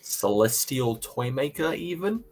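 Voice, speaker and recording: A man's voice: mid-range voice, big pitch swings, a little slow, darkish tone. A man co-hosting a live fan podcast in casual chat, teasing and laughing a lot. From not American. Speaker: podcast co-host.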